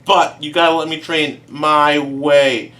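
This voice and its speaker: A man's voice: a little high, level tone, slow, bright, forceful tone, recorded from a distance, pitched below the performer's own voice. A man voicing an aging male cartoon race car, speaking impatiently and pleading to train his own way.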